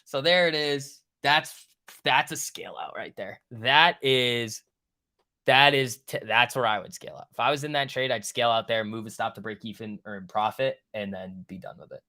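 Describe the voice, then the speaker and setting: Here the stock market livestream host has a mid-range voice that sounds pushed and bright, delivered at normal speed. He chats informally, joking around and swearing as he reacts to chat.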